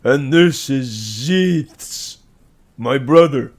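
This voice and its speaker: A man voicing a dim, hulking, ox-like male brute who speaks loudly and slowly in short bursts. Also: medium pitch, lively intonation, pitched above the performer's own voice. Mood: dim boasting. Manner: loud, slow, grunting.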